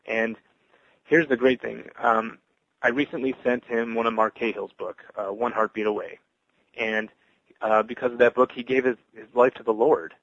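A man's voice: fairly low pitch, vocal fry, a bit bright, no echo, muffled recording. A man on a podcast giving an earnest personal testimony, stumbling and restarting his words with many fillers. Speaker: podcast guest sharing testimony.

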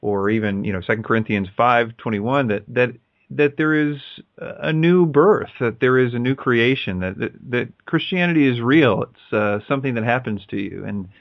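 A man talking about faith in a casual way, halting and often repeating words. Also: mid-range voice, lively intonation, creaky, no room sound, lo-fi sound. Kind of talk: casual religious talk.

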